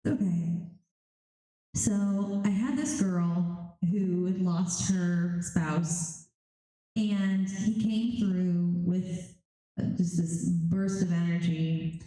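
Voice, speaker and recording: Woman, panel storyteller, animated, quoting others in quick bursts, mellow voice, very echoey room. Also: mid-range voice. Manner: animated, quotes spirits and clients in quick bursts. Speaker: medium on a convention panel. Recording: echoey room, heavy reverb.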